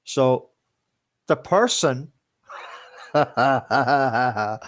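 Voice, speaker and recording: Male stream host, slow and dry, rambling and animated, swears freely. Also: mid-range voice, no echo. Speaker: livestream host and DJ. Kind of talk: casual storytelling to viewers.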